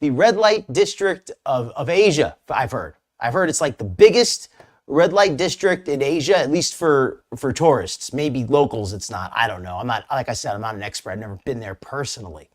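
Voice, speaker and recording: A man's voice: mid-range voice, animated, moderate pace. A man hosting a live stream, commenting casually on a clip in a rambling, hesitant way with many restarts. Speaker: streamer host reacting to a clip.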